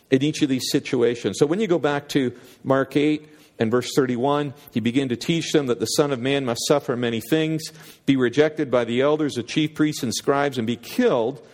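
A man's voice: mid-range voice, a little mellow, long reverb tail. A man preaching a sermon, earnest and conversational, often repeating words as he builds toward a point. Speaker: pastor.

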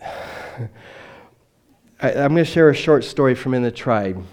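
An earnest male missionary preacher delivering a sermon at a mid-range pitch. He tells personal stories with conviction, pushing some lines out loudly and letting others fall almost to a murmur. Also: lively intonation, measured pace, long pauses. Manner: swings between loud emphatic lines and quiet dropped endings. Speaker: missionary speaker.

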